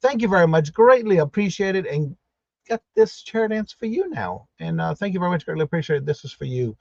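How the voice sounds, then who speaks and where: A high-pitched man hosting a morning live stream, welcoming viewers one by one with upbeat, repeated greetings. The sound is dry and a little dull, like a home setup with a modest mic. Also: animated, a little fast, gravelly, dry recording. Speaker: livestream host.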